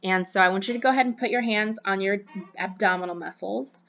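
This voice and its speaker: A woman's voice: medium pitch, quick pace, vocal fry, a bit bright, dull audio. A young woman lecturing a voice and diction class in a casual, chatty way, full of fillers and self-corrections. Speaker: college voice and diction instructor. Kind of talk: recorded online lecture.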